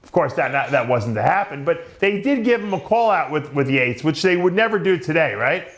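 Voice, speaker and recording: A man hosting a casual panel chat, animated and quick to react. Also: on the high side. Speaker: host.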